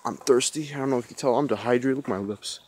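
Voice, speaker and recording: A young man rambles to a handheld camera outdoors. His voice sits at an ordinary pitch, and he pours on mock-dramatic self-pity. It is loose, casual vlog talk recorded in the open air. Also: racing, darkish tone. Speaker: vlogger. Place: outdoors outside a house.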